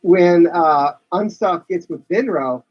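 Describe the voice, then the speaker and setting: A man with a high, husky voice co-hosts a live podcast, adding dry bits of trivia. His audio is dull and muffled. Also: takes it slowly. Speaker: podcast co-host. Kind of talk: casual live podcast chat.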